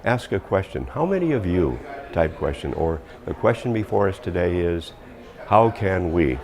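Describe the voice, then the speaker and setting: Very deep, gravelly-voiced man coaching. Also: sing-song, moderate pace, a crowd in the background. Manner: emphatic, drops pitch firmly on endings. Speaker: communication coach. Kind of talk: instructional talk.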